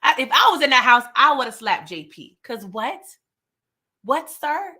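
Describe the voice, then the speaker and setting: A woman with a bright, fairly high voice talks straight to her live chat as she recaps a TV episode. She is animated and acts out the characters' lines as she goes. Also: moderate pace. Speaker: TV show recap host.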